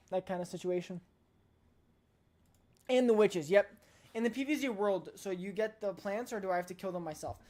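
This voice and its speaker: A woman's voice: mid-range voice, a little mellow. A woman streamer chatting casually on a live stream, emphatic and playfully blunt, often repeating her points.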